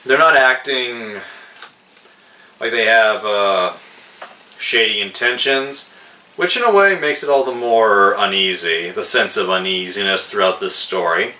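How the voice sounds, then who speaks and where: A man reviewing a film in a casual, hesitant way, pausing often with fillers. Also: lowish voice, bright, forceful tone. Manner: slow, hesitant, with many fillers. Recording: roomy echo, distant mic.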